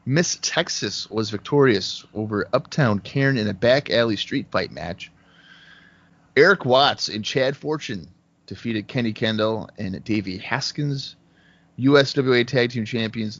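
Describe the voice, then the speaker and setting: A man co-hosting a casual podcast who reads off long lists of results in a dry, steady run, speaking over a remote call. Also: lowish voice, unhurried. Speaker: podcast co-host. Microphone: remote call headset mic. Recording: dull lo-fi call audio.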